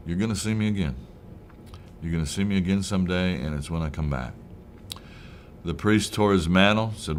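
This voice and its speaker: Deep-voiced male Bible study teacher, casual and conversational, acts out short quotes, with a faint rumble behind him. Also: moderate pace.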